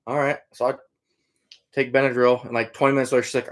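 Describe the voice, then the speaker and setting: A man's voice: mid-range voice, little pitch movement, fast. A middle-aged man from Iowa hosting a casual livestream, answering viewer comments in an easygoing, rambling way with lots of fillers. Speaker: livestream host, trapper and hunter.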